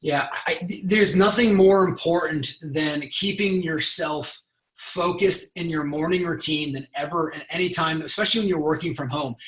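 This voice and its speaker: A man hosting a motivational conversation, talking in an energetic coaching tone. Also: on the high side, moderate pace, roomy sound, poor audio. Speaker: podcast host.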